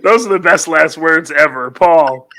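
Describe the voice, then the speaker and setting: A man hosting a comedy game show, upbeat and quick to laugh. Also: a little high, pushed and bright, poor audio. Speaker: host.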